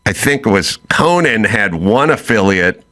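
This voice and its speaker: A middle-aged man hosting a chat show, telling a story in a loose, animated way and acting out both sides of the quoted talk. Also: fairly low pitch, measured pace. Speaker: podcast host.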